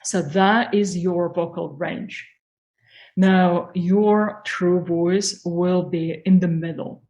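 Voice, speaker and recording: A woman giving a calm, explanatory talk as a spiritual growth coach, teaching listeners how to find their voice. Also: lowish voice, slow pace, dull audio. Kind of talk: instructional talk on voice.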